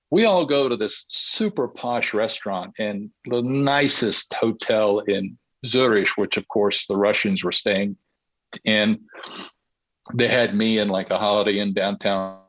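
A man, a podcast guest, telling a long anecdote in a lively way and laughing through his own tale. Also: medium pitch, dry recording, poor audio. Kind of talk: anecdotal storytelling.

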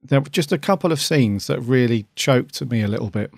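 A man co-hosting a podcast, rambling earnestly with plenty of feeling. His voice has a gravelly, fry-laden texture at an ordinary pitch. The recording is dry and close. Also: expressive, a little fast, darkish tone, no room sound. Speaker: podcast co-host. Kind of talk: casual review chat.

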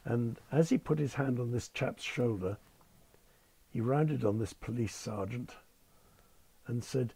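A man's voice: medium pitch, a little slow, vocal fry, long pauses, warm tone, breathy edge. An older man, a former airline captain telling anecdotes with dry understatement and acting out the people he quotes. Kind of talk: anecdotal storytelling in conversation.

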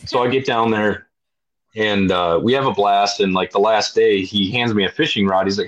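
Man, 30s, very deep voice, blunt, profane, casual storytelling, muffled lo-fi sound. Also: moderate pace. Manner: blunt and profane, heavy fillers. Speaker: podcast guest, military veteran. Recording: dull lo-fi audio.

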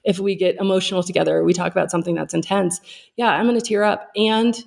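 Woman in her thirties, podcast guest, gravelly low edge, open and reflective, casual chat. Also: steady tone, fast talker, darkish tone. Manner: open, reflective, laughs easily. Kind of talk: casual conversation.

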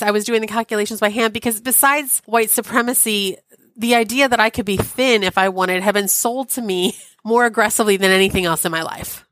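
A woman in her forties, a podcast guest, telling a personal story in a chatty, wry and animated way with many asides. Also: on the high side, no room sound. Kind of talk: storytelling in an interview.

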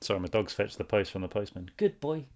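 A man's voice: low-pitched, flat delivery, fast talker. A man co-hosting a podcast, chatting casually and playfully, acting out little bits as he talks. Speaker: podcast co-host. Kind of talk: casual chat.

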